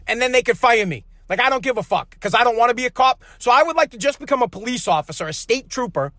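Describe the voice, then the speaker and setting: Man host, heated profane ranter, high pitched. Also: animated, quick pace, hardly any pauses, a bit bright, dry recording, clean studio sound. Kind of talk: angry ranting monologue.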